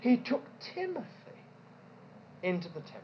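A woman preaches a sermon, her pitch swinging widely as she leans into rhetorical questions and repeats key points for emphasis. The recording sounds dull and lo-fi, with a faint ambient hiss behind her. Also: very animated, normal speed.

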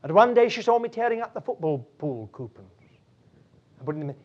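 A man's voice: sits high, big pitch swings, a little fast, darkish tone. A man preaching a sermon, drifting into chuckling anecdotes with many fillers. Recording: dull lo-fi recording.

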